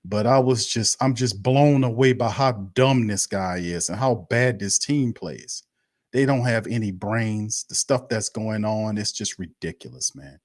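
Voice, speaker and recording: A man's voice: fairly low pitch, a little slow, darkish tone, no echo, clean studio sound. A man hosting a live sports stream, ranting bluntly and profanely, repeating himself in heated bursts. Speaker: sports show host.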